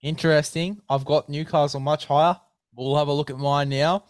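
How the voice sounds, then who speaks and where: A man's voice: a little high, fairly even intonation, normal speed, smooth, no echo, clean studio sound. A man hosting a casual sports chat, upbeat and matey, calling everyone mate. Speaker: podcast host.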